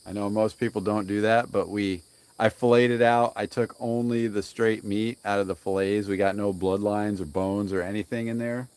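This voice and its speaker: Laid-back low-voiced man grilling outdoors. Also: a little mellow, smooth. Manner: rambling, laughs often, greets chat viewers by name. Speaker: livestream cooking host. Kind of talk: casual live-stream chat while grilling.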